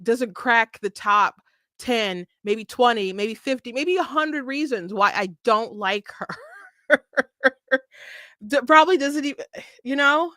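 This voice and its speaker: A woman's voice: a little high, animated, slow, long pauses, pushed and bright, no echo, clean studio sound. A woman hosting a casual political commentary monologue, opinionated, laughing often and restarting her sentences, with slight hiccups.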